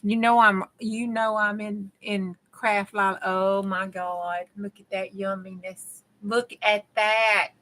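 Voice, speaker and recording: A woman's voice: mid-range voice, steady tone, slow, few pauses, sharp tone, low-quality recording. A woman with a Southern US country accent, chatting to her viewers while she works on a craft project, chopping off her words as she gets going. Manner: chatty, talks to viewers while working, drawls and chops words. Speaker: crafting channel host. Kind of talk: casual crafting vlog chat.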